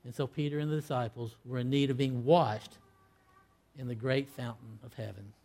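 A man preaching a sermon, acting out scripture dialogue, with loud emphatic peaks that fall to hushed, low line endings. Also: steady tone, moderate pace. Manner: acts out quoted lines in old-fashioned scripture wording.

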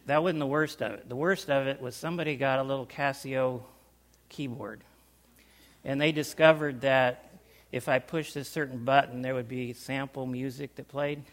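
A man telling a personal story to a small group, animated, with loudness swinging up and down and sounds acted out. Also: mid-range voice, normal speed. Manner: animated, loudness rising and falling, acts out sounds. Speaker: speaker recounting life overseas.

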